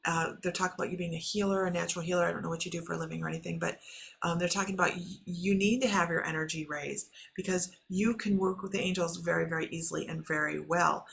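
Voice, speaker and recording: A woman with a low, gravelly voice gives psychic readings in a loose, chatty live-stream manner. Her tone is bright and edged, with some faint room noise behind her. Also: quick pace. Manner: chatty, filler-heavy, rising excitement when addressing viewers. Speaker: intuitive reader and live stream host.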